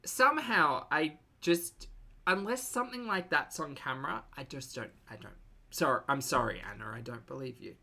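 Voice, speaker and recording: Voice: medium pitch, animated, moderate pace, gravelly, pushed and bright. A reaction commentator making sarcastic, teasing asides about a vlog.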